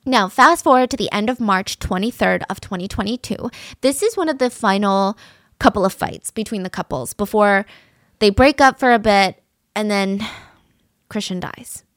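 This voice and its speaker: A woman's voice: medium pitch, moderate pace, fairly bright tone, no room sound, studio quality. A woman telling a true-crime case in a casual, conversational, opinionated way, using fillers like "so" and "like".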